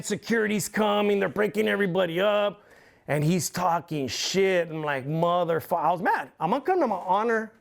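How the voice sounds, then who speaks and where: A man's voice: high-pitched, vocal fry. A middle-aged man telling a long story as an interview guest, swearing constantly and laughing as he goes. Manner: profane, animated storyteller who laughs often. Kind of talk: casual storytelling.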